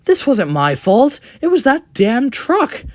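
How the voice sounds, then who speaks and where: A storyteller voicing a hot-tempered young male engine who shouts defensively. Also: high voice, huge pitch swings, takes it slowly, no room sound, clean studio sound, voice pushed up, full character voice. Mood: furious.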